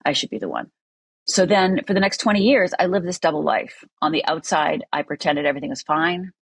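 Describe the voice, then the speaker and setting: A middle-aged woman from Upper Michigan with a low, husky voice, speaking earnestly and candidly as a podcast guest. She tells her story plainly with many fillers, recorded close and dry. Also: lively intonation, fairly quick, dry recording. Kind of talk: personal storytelling.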